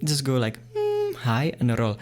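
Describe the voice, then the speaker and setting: A man walks beginners through beatbox sounds in a loose, chatty tutorial. His voice sits at an ordinary, middle pitch. He talks playfully and gets excited easily, breaking into laughter. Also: measured pace, very noisy. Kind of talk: casual tutorial explanation.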